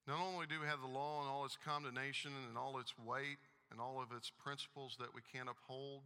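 A man's voice: mid-range voice, pushed and bright, clean tone. A man preaching a sermon, emphatic as he reads scripture aloud in a church hall. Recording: long hall reverb.

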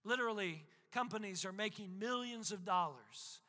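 A man's voice: high voice, moderate pace, pushed and bright, in a large hall. A man preaching a sermon as a pastor, impassioned, with emphatic repetition.

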